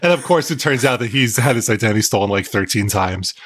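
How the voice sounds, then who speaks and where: A man's voice: lowish voice, expressive, fast talker, fairly bright tone, breathy edge. A man who is a guest on a podcast, telling stories in casual chat and laughing often. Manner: laughs often, chatty storytelling.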